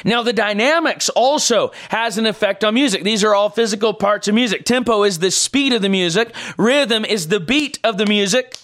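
A man's sermon voice, pitched high for a man. He is in middle age and preaches emphatically. He circles back to his points again and again. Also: moderate pace, hardly any pauses, fairly bright tone. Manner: emphatic, repetitive preaching with everyday examples.

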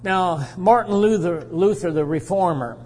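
A man preaching a sermon in a slow, deliberate way, repeating his phrases as he teaches from scripture in a church. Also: sits high, darkish tone, slightly rough, in a large hall. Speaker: pastor.

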